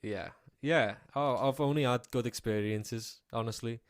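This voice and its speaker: A man's voice: medium pitch, measured pace, no room sound, studio quality. A young man from Liverpool with a Scouse accent, a guest singer chatting easygoingly in a radio interview, rambling with fillers. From Liverpool, England.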